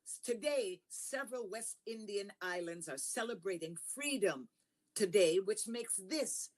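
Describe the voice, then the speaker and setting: A woman giving a formal, measured public speech. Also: medium pitch, expressive, darkish tone. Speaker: political speaker.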